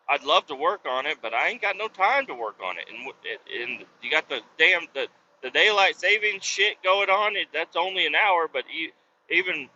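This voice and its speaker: A man's voice: a little high, pushed and bright. A man hosting a podcast while driving, telling a rambling, swear-heavy story with exasperation. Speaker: podcast host. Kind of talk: casual rant while driving. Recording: dull lo-fi with faint road noise.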